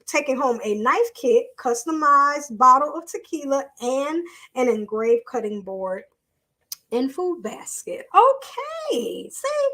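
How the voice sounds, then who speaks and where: Chatty high-voiced woman live-streaming. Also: lively intonation, unhurried, bright, forceful tone. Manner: chatty, addresses viewers as y'all, loose and off-the-cuff. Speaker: host of a live online show. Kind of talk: casual live-stream talk and reading news aloud.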